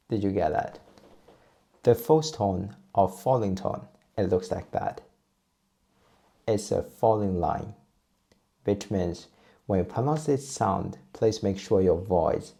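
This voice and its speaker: Low raspy guy, patiently walking learners through sounds. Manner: patient, steady teaching voice, repeats drill sounds. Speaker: Chinese teacher. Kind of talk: explaining and modeling pronunciation.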